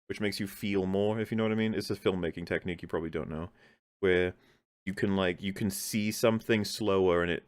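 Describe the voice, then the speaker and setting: A man hosting a reaction commentary, talking in a deadpan, mock-earnest sarcastic way. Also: low voice, dry recording. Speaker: host.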